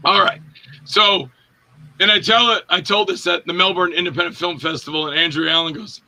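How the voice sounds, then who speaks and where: A man being interviewed as an actor, telling lively anecdotes and acting out the voices of the people in them, with a raspy voice. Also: sits high, fairly quick, low-quality recording. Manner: animated anecdote-telling, acts out quoted voices, laughs often. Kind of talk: casual storytelling interview.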